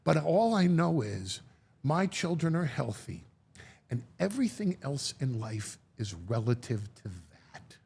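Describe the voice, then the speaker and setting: A lively middle-aged man with a gravelly, husky voice, spinning a story in an interview. He swings his pitch widely, stumbles over repeated words, and acts out the voices of the people in his tale. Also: a little slow. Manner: animated, repeats words when moved, acts out quoted voices. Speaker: guest.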